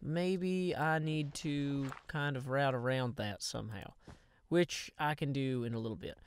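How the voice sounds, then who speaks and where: Guy with a higher voice doing chill game commentary, goofy rambling tangents, dry close sound. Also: clean tone, no room sound. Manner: playful, rambling, jokey asides to viewers. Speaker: Minecraft video host. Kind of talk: casual gameplay commentary.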